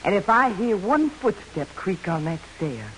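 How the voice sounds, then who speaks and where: A woman's voice: mid-range voice, big pitch swings, a little slow, fairly bright tone, slight background noise, poor audio. An actress playing a blunt, protective frontier widow and mother in an old radio drama. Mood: determined. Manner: blunt, threatening and commanding. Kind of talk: 1940s radio acting.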